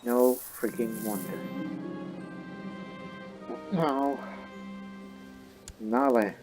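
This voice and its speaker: A man's voice: mid-range voice, very slow, over music. A man giving casual let's-play commentary on a strategy game, playfully acting out the game's characters as he goes. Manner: role-plays the game's characters in a joking tone. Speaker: gaming YouTuber.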